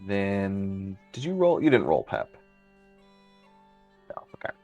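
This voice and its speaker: A man's voice: sits low, wildly swooping pitch, takes it slowly, a little mellow, soft background music. A man narrating as game master of a tabletop game, loose and chatty, with many ums.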